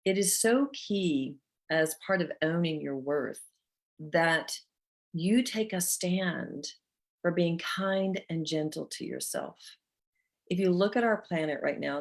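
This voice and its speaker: A woman's voice: sits low, lively intonation, a little slow. A middle-aged woman hosting a motivational talk, telling a personal story in an earnest, heartfelt way. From North Georgia, USA. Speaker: host.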